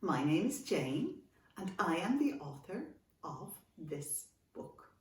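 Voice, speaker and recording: An Irish woman and children's author giving a storytelling workshop for kids in an animated, expressive way. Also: fairly low pitch, slow pace. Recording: echoey room, from a distance.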